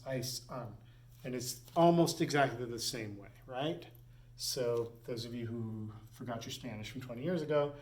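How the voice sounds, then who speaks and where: A man, a Latin teacher giving a recorded lesson and slowly repeating each form as he explains it. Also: medium pitch. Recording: echoey room.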